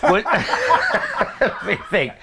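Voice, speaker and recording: A man's voice: extremely high pitch, wildly swooping pitch, drawn-out words, vocal fry, heavy background noise. A middle-aged man from England hosting a podcast, camp and exclamatory, giggling as he tells stories. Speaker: podcast host. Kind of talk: casual chat.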